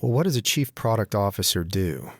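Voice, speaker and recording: Male host, very low voice, upbeat and joking, recorded close and dry. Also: animated, brisk, dry recording. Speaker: podcast host. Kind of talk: interview questions.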